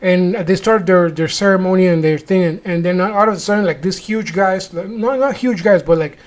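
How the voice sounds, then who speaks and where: A native Spanish-speaking man with a high voice tells a story on a podcast. He swears freely and talks in halting bursts, stopping to hunt for the English word. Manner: profane, halting, searching for English words. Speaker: podcast host. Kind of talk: casual storytelling chat.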